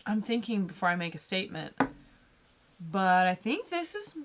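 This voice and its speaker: A woman's voice: medium pitch, sing-song, normal speed, slight background noise. A woman co-hosting a live whiskey tasting, chatting casually and laughing often. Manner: chatty, talks over her co-host, laughs often. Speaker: co-host of a whiskey tasting livestream. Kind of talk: casual chat.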